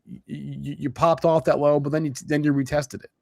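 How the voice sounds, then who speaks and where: A man hosting a casual market show, talking in an animated way with frequent restarts. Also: on the high side, fairly quick, gravelly, dry recording, clean studio sound. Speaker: show host.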